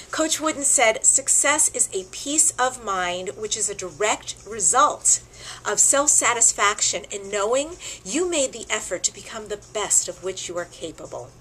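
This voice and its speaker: Expressive woman telling a tribute story. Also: a little high, a little hiss or hum, low-quality recording. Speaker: host.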